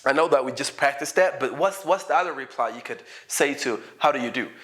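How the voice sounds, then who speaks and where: A man teaching an English lesson in a playful, animated way, often acting out sample dialogues. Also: medium pitch, fairly quick. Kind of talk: casual online English lesson.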